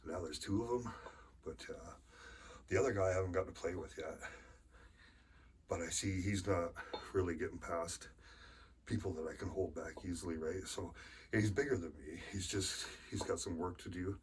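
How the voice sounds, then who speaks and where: A man's voice: low-pitched, normal speed. A middle-aged man with a lingering cold, rambling casually and swearing during a home workout vlog. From Canada. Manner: rambling, chatty, swears casually, sighs between sets. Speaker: arm wrestler vlogger. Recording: far from the mic with faint ambient noise.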